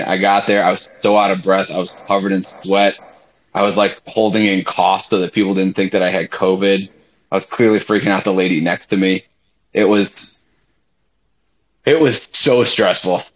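A young man with a fairly low voice tells a long story on a casual podcast. He is animated, swears freely and fills his talk with "like". The audio sounds a little muffled. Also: moderate pace, a little hiss or hum. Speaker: podcast co-host.

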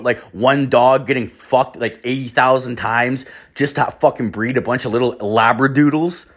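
A man telling a rambling anecdote in casual talk, swearing heavily and filling every pause with "like", partly from a bathroom. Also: medium pitch, steady tone. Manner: rambling, heavy swearing, constant "like" fillers. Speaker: storyteller. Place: bathroom, mid-story.

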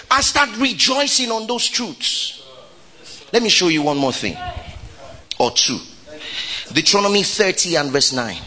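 A man preaching a lively sermon, calling out to the congregation, shouting and laughing as he goes. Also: high voice, measured pace, pauses often. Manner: exuberant preaching, shouting and laughing, call and response. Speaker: pastor.

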